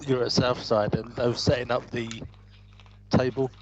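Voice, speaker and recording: A man's voice: mid-range voice, level tone, moderate pace. A man co-hosting a casual radio chat, speaking in short, hesitant interjections. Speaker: radio co-host. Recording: dull lo-fi mic with faint noise.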